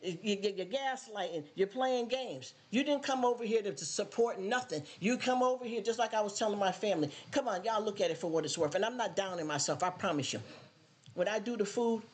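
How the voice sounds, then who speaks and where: A woman's voice: medium pitch, lively intonation, a little fast, darkish tone, breathy edge. A woman hosting her own live stream, talking casually and bluntly, scolding her viewers and repeating phrases for emphasis.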